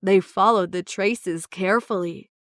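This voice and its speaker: A woman narrating a children's story in a slow, clear storytelling way. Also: mid-range voice, background noise.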